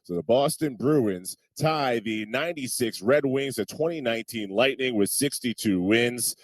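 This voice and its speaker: A man reads a scripted sports highlight roundup in a brisk, even delivery. His voice sits mid-range. The studio sound is dry and close. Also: dry recording. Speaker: sports news anchor.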